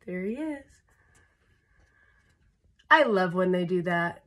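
Woman storyteller for a kids' picture book: slow, breathy, playful with sound effects. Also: on the low side, animated, fairly bright tone. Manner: chats to young listeners between pages. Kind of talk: children's read-aloud storytime.

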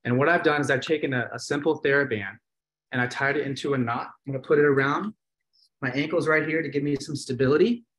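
A man's voice: mid-range voice, quick pace, a bit bright. A man hosting a live webinar, coaching hip exercises in an encouraging, easygoing way. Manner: encouraging, easygoing, repeats cues.

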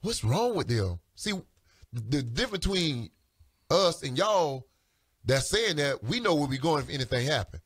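A man co-hosting a radio talk show, talking in an emphatic, colloquial and animated way. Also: a little high, normal speed, slightly rough, no echo, studio quality. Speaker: radio co-host. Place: radio studio.

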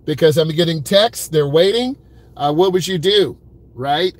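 Sitting behind the wheel in an airport pickup lane, a male driving vlogger talks unhurriedly to his live-stream audience. His fairly high voice carries a relaxed, direct, conversational manner as he addresses viewers head-on and keeps saying "keeping it real."

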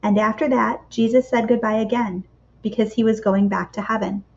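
A woman reading a picture book aloud to children for a church kids' club, with expressive, measured storytelling and dramatic pauses. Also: fairly high pitch. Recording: slightly dull lo-fi recording.

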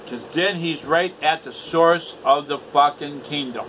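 Bitter older man venting to camera, harsh bright voice, pitched a bit high, faint hum behind. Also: unhurried, few pauses, poor audio. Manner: profane, bitter, repetitive. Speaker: vlogger. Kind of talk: angry rant to camera. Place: indoors at home.

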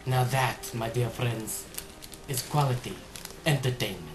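A man's voice: mid-range voice, a little slow, over music, close to an everyday voice. A man voicing a self-important fairy godmother woman who scolds in a formal tone. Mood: smug.

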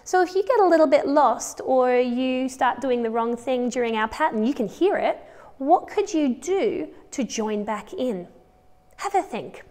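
A woman's voice: high voice, animated, a little slow, darkish tone, in a large hall. A woman with an Australian accent teaching a children's music lesson, counting patterns aloud and encouraging the class.

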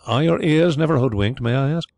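A man voicing a proud, brisk former solicitor who talks bluntly and bristles quickly. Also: mid-range voice, creaky, a little mellow, pitched above the performer's own voice, lightly acted.

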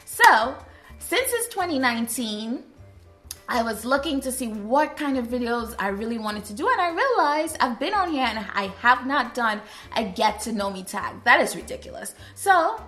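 A woman from Trinidad and Tobago chatting casually to her viewers in a vlog, animated and lively. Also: fairly high pitch, moderate pace, soft background music. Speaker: YouTuber. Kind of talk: casual vlog chat to camera.

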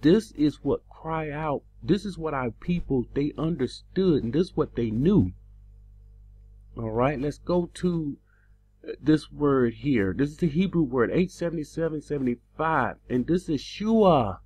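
Slow, emphatic man preaching. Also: lively intonation, a little mellow, breathy edge. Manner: slow and emphatic, rising in pitch on key words. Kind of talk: teaching sermon.

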